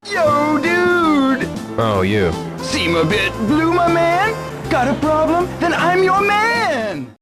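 Video game clip: a swaggering teen punk, very high and swingy, slow drawl. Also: male voice, wildly swooping pitch, exaggerated voice. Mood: cocky. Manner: breezy slangy swagger. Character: teen male wannabe gangster, surfer-dude talker. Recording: game clip over loud music.

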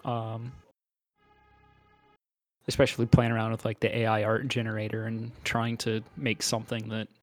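A man's voice: lowish voice, monotone, moderate pace, pauses often, no room sound, faint music behind. A man hosting a podcast in casual chat, laid-back and rambling with lots of hesitation. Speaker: podcast host.

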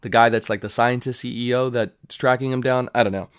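Brief: young male reviewer, mid pitch, dry close sound, loose rambling delivery, swears. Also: steady tone, a little fast, clear, resonant tone, no room sound. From United States. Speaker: show reviewer. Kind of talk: casual show review.

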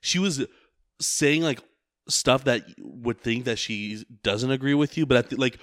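A man's voice: medium pitch, moderate pace, a bit bright, no room sound, clean studio sound. A man who drives for a rideshare service, telling a story in casual chat, rambling and profane with lots of filler words.

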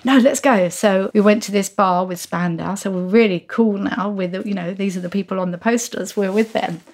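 A woman in her sixties tells an animated story as an interview guest, slipping into the voices of the people she describes. Her voice has a gravelly, creaky edge at a mid pitch. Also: fairly quick.

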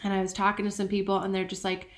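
A woman in casual conversation, chatty and animated, often asking "you know what I mean". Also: medium pitch, very fast. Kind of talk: casual chat.

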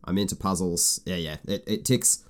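A man's voice: sits low, normal speed, clean tone. A man chatting casually, enthusiastic and a bit rambling. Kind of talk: casual chat.

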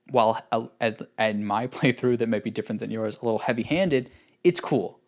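Animated man in casual gaming chat. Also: medium pitch. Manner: animated, says "like" a lot, laughs often. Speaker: podcast co-host.

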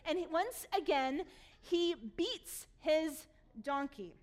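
A woman preaching from the pulpit with a high, bright-toned voice. She reads scripture and then retells the story in a lively, amused way, laughing at the funny parts. It is a warm, conversational sermon delivery. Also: slow pace. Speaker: pastor.

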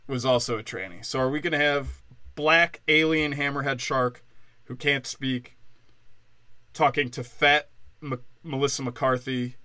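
Man, bright edgy voice, dry close sound, profane mocking rant host. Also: mid-range voice, no echo. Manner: mocking, profane, fast tangents. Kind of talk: crude comedic rant.

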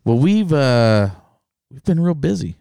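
A man's voice: mid-range voice, sing-song, unhurried, creaky, mellow, no room sound, studio quality. A man co-hosting a podcast, chatting casually in a rambling, jokey way with many restarts. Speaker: podcast co-host. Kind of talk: casual chat.

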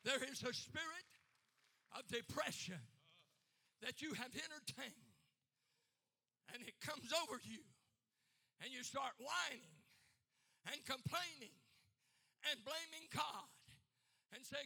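An older man preaching at a revival conference, shouting and chanting, then dropping low to tell stories. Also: slow, creaky, long pauses, in a large hall. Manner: shouting and chanting repeated words. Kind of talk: revival sermon.

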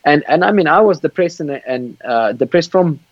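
On a video call, a male guest passionately tells his faith testimony, frequently repeating words and restarting sentences. His voice is a little high, with lively intonation and a normal pace. The call audio sounds dull and dry, with no echo.

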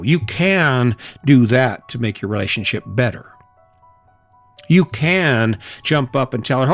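A man's voice: medium pitch, animated, a little slow, faint music behind. A middle-aged man hosting a motivational podcast, talking casually and acting out short everyday exchanges. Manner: casual, chatty, laughs and acts out little scenes. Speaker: podcast host.

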